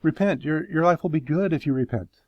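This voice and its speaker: A man's voice: on the high side, brisk, no echo, lo-fi sound, voice pushed up, close to an everyday voice. Guy putting on pushy know-it-all friends going come on just repent, coaxing, dry sound. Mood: insistent. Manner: coaxing, insistent. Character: self-assured friends urging a sufferer to repent.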